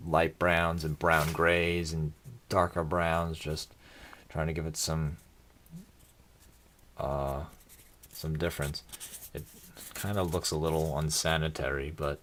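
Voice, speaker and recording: Tired, rambling man with a deep voice. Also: fairly bright tone, a little hiss or hum. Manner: rambling, self-deprecating, offhand. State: tired, yawning. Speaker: hobby video maker. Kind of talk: casual crafting tutorial.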